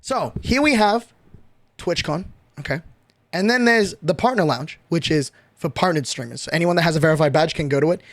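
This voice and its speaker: Young male streamer, high-pitched, excitable storyteller, casual swearing. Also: brisk, dry recording. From Australia.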